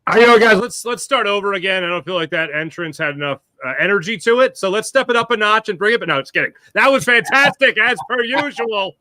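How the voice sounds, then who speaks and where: A man, the guest on a sports podcast, chatting casually and telling lively stories, acting out what people said to him. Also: high-pitched, fast talker, hardly any pauses. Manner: animated storyteller, acts out quotes.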